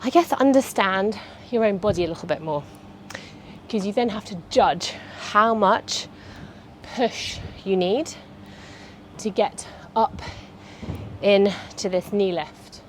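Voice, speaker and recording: A woman's voice: mid-range voice, slow pace. Lady in her 30s coaching a workout, chatty and encouraging, bit of faint noise behind. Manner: chatty and encouraging, cueing movements. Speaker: fitness instructor. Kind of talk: guided workout instruction.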